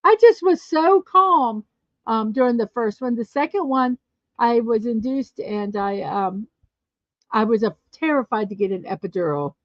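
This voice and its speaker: A woman's voice: fairly high pitch, animated, unhurried, dry recording. Chatty woman livestream host, lo-fi. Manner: chatty, laughs often, storytelling. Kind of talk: casual chat reading viewer comments. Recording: dull lo-fi dry sound.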